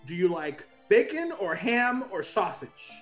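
A man's voice: high-pitched, very animated, unhurried, faint music behind. A man voicing an eager half-elf cook who is bossy and likes to brag, in tabletop role-play. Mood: instructive. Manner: bossy, teasing, bragging.

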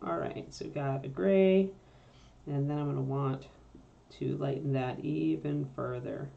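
Low-voiced woman chatting through a painting tutorial. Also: fairly even intonation, a little slow, vocal fry, phone-quality sound. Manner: chatty, thinks aloud with fillers while working. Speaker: miniature painting instructor.

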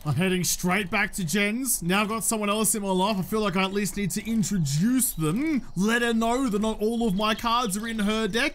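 A man's voice: sits high, moderate pace, hardly any pauses, fairly bright tone. An Australian man giving jokey, chatty let's-play commentary and talking to his in-game companion. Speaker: gaming YouTuber.

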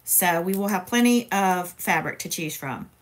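A woman's voice: on the low side, expressive, moderate pace. A woman hosts a casual crafting livestream, chatty and playful, talking straight to her viewers.

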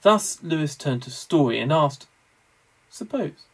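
Creaky-voiced man giving a lecture. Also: medium pitch, lively intonation, low-quality recording. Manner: measured, scholarly, wry asides. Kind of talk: recorded theology lecture.

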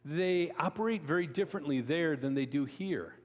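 A man giving a conversational sermon, telling stories with asides to the congregation and acting out quoted voices. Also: normal speed. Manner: storytelling, chatty asides to the congregation; acts out quoted voices with sharp pitch jumps. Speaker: preacher. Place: church sanctuary. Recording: long reverb of a church hall.

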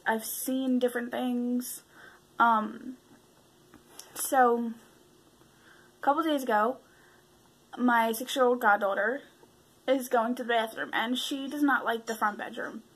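A woman's voice: fairly high pitch, fairly even intonation, measured pace, long pauses, low-quality recording. A woman vlogger telling a spooky story to camera in a chatty, casual way, with swearing and fillers. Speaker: paranormal vlogger.

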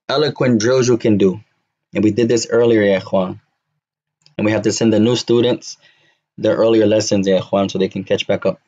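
Slow, drilling male Arabic teacher. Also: on the low side, darkish tone, muffled recording. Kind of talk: classroom lesson.

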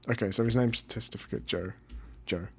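A young man rambling through casual let's-play commentary, deadpan and cursing now and then. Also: lowish voice, a little fast, breathy edge. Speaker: gamer.

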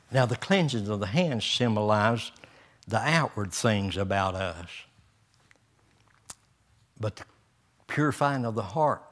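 A man's voice: mid-range voice, a bit bright. An older man, a pastor preaching a folksy sermon with homespun stories, chuckles and rising emphasis.

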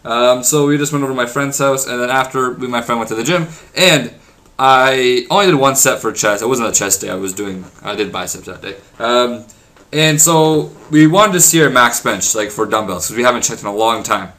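A young man commentates casually over his gameplay. He rambles from topic to topic and swears constantly. His voice has a bright, forceful edge and sits at an ordinary pitch. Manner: rambling, crude and profane, swears often; says he is talking fast because he is hungry. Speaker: gaming vlogger.

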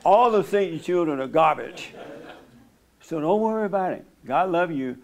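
A man hosting a church gathering, with a voice a little higher than most men's. He talks bluntly and plainly, and turns slow and soothing when he guides a silent prayer. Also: animated, vocal fry, darkish tone. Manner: blunt, plain-spoken, teasing; slow, soothing instructions during meditation. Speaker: host leading a church meeting.

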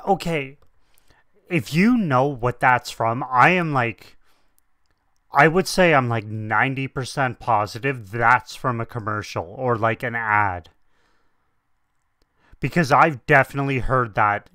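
A man thinks out loud in a relaxed reaction video. His voice is bright and a little forceful, and he talks at an unhurried pace. He often circles back with fillers as he works out what he means. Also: mid-range voice, no echo, clean studio sound. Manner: hesitant, many "like" fillers and restarts. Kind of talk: casual first-time reaction commentary.

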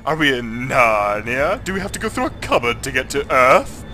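A Scottish man, drunk, giving rambling, excitable let's play commentary as a gaming channel host and swearing a lot. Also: medium pitch, normal speed, faint music behind.

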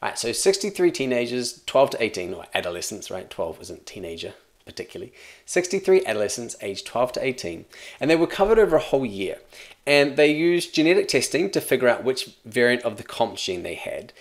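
Man, Australian accent, psychology teacher, casual video tutorial, upbeat, chatty, mid pitch. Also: big pitch swings, fairly quick.

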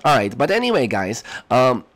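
A man's voice: mid-range voice, big pitch swings, moderate pace, fairly bright tone. Bouncy, goofy male gaming host. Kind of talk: playful channel chat and role-play.

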